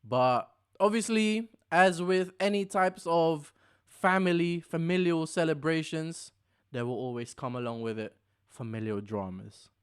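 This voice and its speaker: A man's voice: fairly high pitch, a little slow, clean tone. A young man co-hosting a casual podcast chat, jokey and sarcastic, laughing often. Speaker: podcast co-host.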